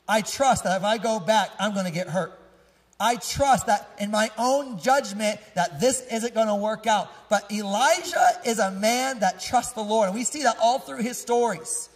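High-voiced man preaching in a reverberant church. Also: normal speed. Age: 30s. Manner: conversational and lively, polling the congregation; jokes and corrects himself mid-sentence. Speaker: pastor. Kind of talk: sermon. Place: church sanctuary. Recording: long church hall reverb.

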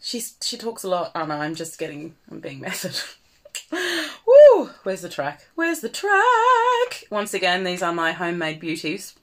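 Chatty Australian mezzo soprano on a livestream. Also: female voice, on the low side, a little fast, hardly any pauses, a bit bright. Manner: chatty, playful and self-mocking, with frequent ums and laughs. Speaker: cabaret singer and livestream host. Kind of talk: casual chat between songs on a livestream.

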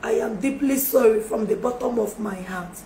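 A woman speaks on a phone livestream, her pitch sitting a little high as she pleads and repeats her apologies. The room answers her with a noticeable echo. A faint hum of background noise stays under her voice. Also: moderate pace, gravelly, dark tone. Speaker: livestreamer making a public apology. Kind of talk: emotional live-stream appeal.

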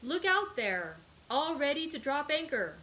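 A woman reading the part of a calm, resolute young male sailor in a read-aloud book, in a plain reading voice. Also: medium pitch, measured pace, lightly acted, rough recording. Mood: commanding.

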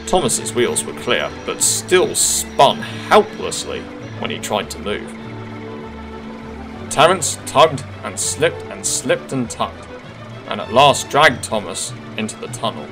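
A man reading a children's railway storybook aloud with expressive narration. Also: medium pitch, takes it slowly, music in the background. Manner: expressive, gently paced narration.

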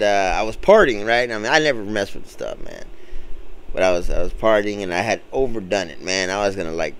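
A man telling a story to his viewers in a casual, slangy street manner, acting out what other people said. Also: mid-range voice. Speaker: channel host.

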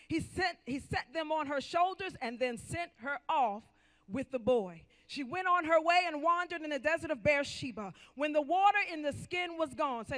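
Man preaching a sermon, very high voice, bright and forceful, loud calls then quiet asides. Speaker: pastor.

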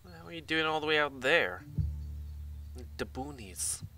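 A man's voice: fairly high pitch, animated, moderate pace, creaky, bright, forceful tone. A man giving rambling, casual let's-play commentary, muttering asides to himself and swearing now and then. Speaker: gaming channel host. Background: game music.

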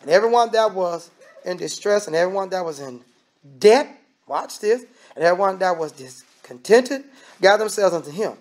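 A man's voice: sits high, lively intonation, moderate pace, darkish tone. A man preaching a sermon in a conversational, emphatic way, repeating phrases and adding asides to the congregation.

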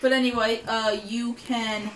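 A woman's voice: a little high, little pitch movement, measured pace, a bit bright. A woman hosting a casual video, chatty and giggly as she hands out challenges and scores them. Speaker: host. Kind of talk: casual chat. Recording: roomy, distant mic, background noise.

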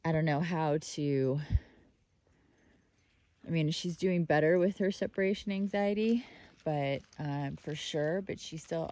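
A woman's voice: sits low, measured pace, pauses often, warm tone. A woman vlogging outdoors while walking her dog, chatting in a rambling way with fillers and slipping into sing-song baby talk for the dog. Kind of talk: casual video diary chat.

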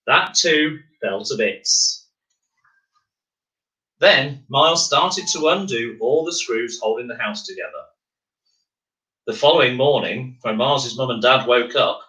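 A man reading a children's picture book aloud as a bedtime story, animated, acting out the shouts and crashes. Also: medium pitch. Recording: echoey room, mic at a distance.

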